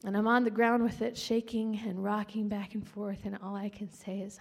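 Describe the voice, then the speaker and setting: A woman sharing a personal testimony. She speaks earnestly and often drops to a hushed whisper. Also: fairly high pitch, fairly even intonation, normal speed, hardly any pauses, big-room sound.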